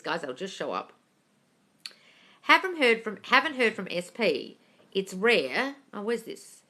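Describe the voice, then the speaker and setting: Reading viewer questions aloud one at a time, a woman answers them during a casual live-stream chat. Her mid-range voice is bright and forward; she addresses everyone as darling, gushes at good news, then turns to firm advice.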